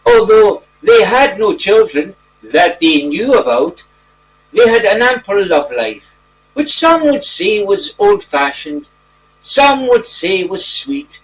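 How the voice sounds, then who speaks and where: Male actor as a genteel gentleman reading a bedtime story, high-pitched, faint hiss behind him. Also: big pitch swings, full character voice. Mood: storytelling. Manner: gentle, drawn-out storyteller delivery. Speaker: storybook reader. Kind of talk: mock children's bedtime story narration. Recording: distant mic, faint background noise.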